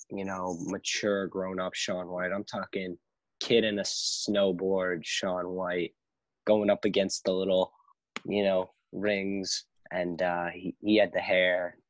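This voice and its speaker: Deep-voiced male co-host, dry sound, loose rambling talk. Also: dry recording, rough recording. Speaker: podcast co-host. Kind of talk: casual chat.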